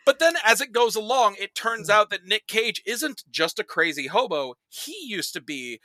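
A man talks fast and loose on a podcast, swearing freely and stringing together asides full of "like". His voice is very bright and a little high, with a close, dry sound. He jumps into quick bits of mimicry to act out scenes. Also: animated, no room sound. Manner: rambling and profane, full of "like" and acted-out quotes. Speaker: podcast guest reviewing movies. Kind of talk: casual chat, animated movie recap.

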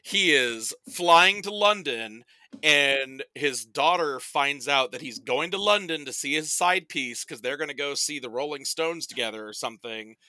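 A man chatting casually on a podcast as a guest, animated and rambling, packing his talk with "like" and quick put-on voices for the people he quotes. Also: on the high side, no room sound. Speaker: podcast guest presenting a movie bracket.

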